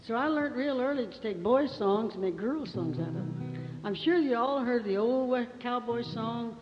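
An older country singer from Arkansas tells homespun, folksy stories between songs on a live stage at an outdoor folk park venue, laughing as she talks. Her voice is on the high side at a moderate pace, and the live recording is dull and lo-fi with loud guitar music.

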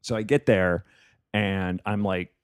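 A man's voice: sits low, steady tone, takes it slowly, clean tone. A man, a comedian and podcast host, telling a gig story in casual chat, profane and laughing often.

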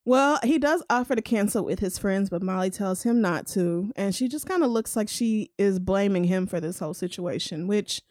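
A woman's voice: medium pitch, normal speed, hardly any pauses, no room sound, studio quality. A woman co-hosting a casual chat, recapping a TV episode with slang and lots of laughter. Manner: laughing, slangy, animated retelling. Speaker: podcast co-host.

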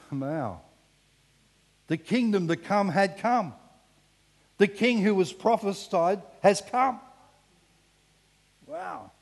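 A man preaching a sermon with animated delivery, sometimes falling to a hushed emphasis. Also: high voice. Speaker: pastor. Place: church hall. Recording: long reverb in a church hall.

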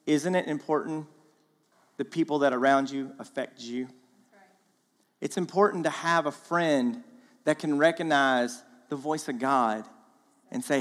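A man giving a sermon as a guest speaker in a church, in an animated, casual way with slang, acting out the voices in the story. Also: a little high, unhurried, big-room sound. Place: church auditorium.

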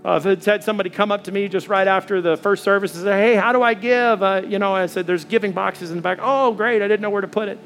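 High-voiced pastor preaching over soft music. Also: male voice, fast talker, few pauses. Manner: animated storytelling, acting out dialogue. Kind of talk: sermon. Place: church.

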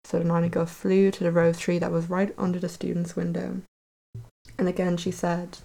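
Low, creaky woman telling a fairy tale. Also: completely flat delivery, fairly quick, mellow, rough recording. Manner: wry, conversational asides. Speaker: storyteller. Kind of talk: casual retelling of a fairy tale.

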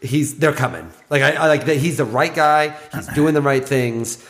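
Lively-pitched man riffing on football. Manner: quick, emphatic, laughs. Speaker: podcast co-host. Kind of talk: casual sports chat.

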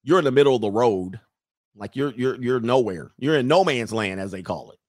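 A man's voice: mid-range voice, lively intonation, a little fast, darkish tone, no room sound. Man, live stream host, reads chat comments, casual joking riffs, dry close sound. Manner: loose, joking, talks straight to the chat. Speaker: livestream host reading viewer comments.

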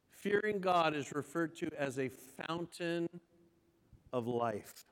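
A man preaching a sermon as pastor. He reads scripture slowly with heavy emphasis, then restates each verse. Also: on the high side. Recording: long church hall reverb.

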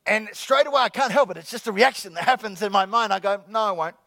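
A man preaching a sermon to his congregation, joking with the crowd and slowly repeating his key lines. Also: high voice, gravelly, fairly bright tone, dry recording. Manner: jokey, repeats key lines slowly, calls out "come on, somebody". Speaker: pastor. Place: church sanctuary with congregation.

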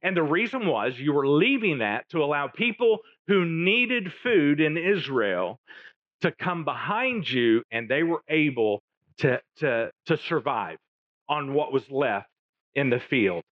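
Man, pastor, sermon, storytelling with jokes, animated, dull lo-fi dry sound. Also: on the high side, measured pace, no room sound. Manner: storytelling with jokey asides.

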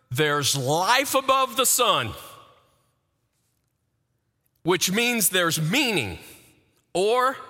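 A male pastor preaching slowly in a bright, forceful, slightly high voice. He climbs to emphatic peaks and lets dramatic pauses hang. His words ring out with the long reverb of a large hall. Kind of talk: sermon.

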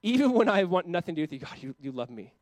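Impassioned high-voiced pastor preaching. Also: male voice, sing-song, darkish tone, no echo. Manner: impassioned, voices God in quick quoted asides. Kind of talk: sermon.

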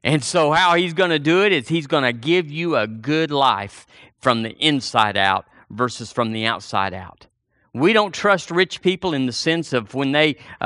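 A man's voice: a little high, bright, forceful tone, clear, resonant tone, no room sound, clean studio sound. A man preaching a fervent sermon, repeating phrases and drawing the congregation in. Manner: fervent, repetitive preaching with call-and-response.

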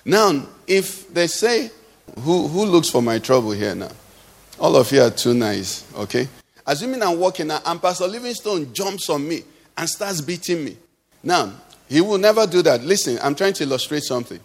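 Pastor man preaching, pretty high voice, big hall echo, gets the crowd answering back. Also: big pitch swings, normal speed. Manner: call-and-response preaching, illustrative asides. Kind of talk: sermon. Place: church hall. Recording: long hall reverb.

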